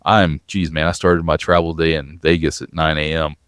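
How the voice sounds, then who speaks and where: A man co-hosting a podcast, telling a long travel story in an animated way and sounding worn out. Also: a bass voice, normal speed, clear, resonant tone, no echo, studio quality. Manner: animated storyteller, acts out quoted voices. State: exhausted after a long travel day. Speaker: podcast co-host.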